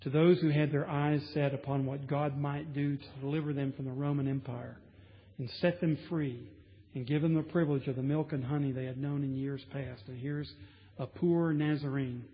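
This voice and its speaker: A man's voice: on the high side, steady tone, moderate pace. A man preaching a sermon from the pulpit, emphatic and building intensity with repetition. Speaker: pastor. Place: large church sanctuary. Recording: dull sound with long hall reverb.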